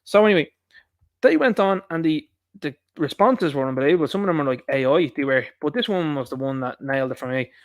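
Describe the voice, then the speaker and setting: Irish male commentator, sarcastic and rambling, rapid delivery, dry recording. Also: on the high side, lively intonation, no room sound. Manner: combative, sarcastic, rambling asides. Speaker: political commentator. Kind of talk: opinionated solo commentary.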